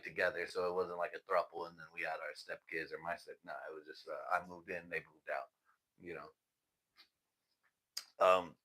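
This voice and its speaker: A man hosts a casual livestream, telling stories full of swearing and laughter. His voice is low-pitched with a fairly bright tone.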